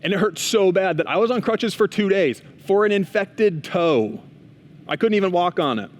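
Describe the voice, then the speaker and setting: A man's voice: high-pitched, expressive, moderate pace. A young man giving a casual chapel talk to students, telling a story in a chatty way with frequent asides and restarts. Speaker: school chapel speaker.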